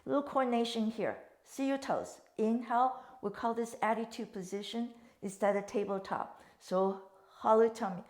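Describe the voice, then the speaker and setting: A woman's voice: a little high, fairly even intonation, moderate pace, a little mellow. A woman leading a Pilates class, cueing breaths and counts in slightly phrasing. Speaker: Pilates instructor. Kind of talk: guided exercise class instruction. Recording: echoey room.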